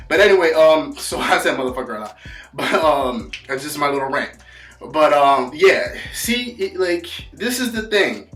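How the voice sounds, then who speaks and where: A sports vlogger with a fairly high, expressive voice in a roomy-sounding space rants heatedly about football on his own. He swears constantly and hurls insults, delivering rapidly and forcefully with emphatic repetition.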